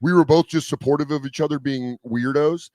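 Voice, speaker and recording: A man's voice: on the high side, brisk, no room sound. A man, a comedian guest on a radio-style show, telling stories in casual chat, swearing freely and acting out the voices of people he quotes. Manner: animated storyteller who acts out quoted voices, swears freely.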